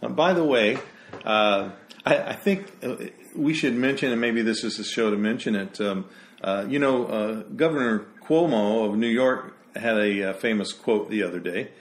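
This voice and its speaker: A man's voice: on the low side, normal speed, slight background noise. A man co-hosting a casual discussion show, rambling with many fillers and growing heated when he makes a point. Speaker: podcast co-host.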